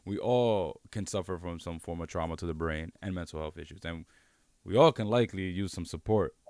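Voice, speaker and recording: A man co-hosting a candid podcast, talking in a measured way, citing research and asking reflective questions. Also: sits low, darkish tone, dry recording, studio quality. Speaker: co-host.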